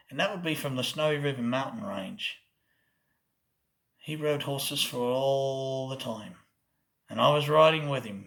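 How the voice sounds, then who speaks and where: Oklahoma host with a Southern drawl, bright voice, playful accent impressions. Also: male voice, fairly high pitch. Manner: switches between put-on accents, playful. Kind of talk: comedic monologue doing accent impressions.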